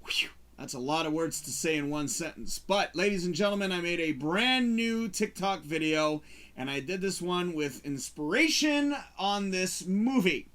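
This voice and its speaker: Man, show host, casual rambling talk, animated, slightly high voice. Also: normal speed. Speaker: show host reviewing movies.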